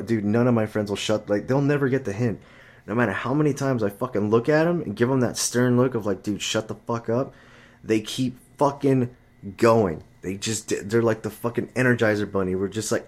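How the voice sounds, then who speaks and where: This man has a darkish tone and speaks at a moderate pace as he vents about his buddies and his dating life. Profanity runs throughout, and his pitch leaps upward whenever he mimics talkative friends or women.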